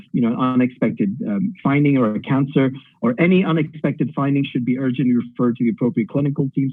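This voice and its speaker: A man's voice: medium pitch, dry recording, phone-quality sound. A middle-aged man from Pakistan, a radiology tutor giving direct exam advice in an online lecture, thinking aloud with fillers.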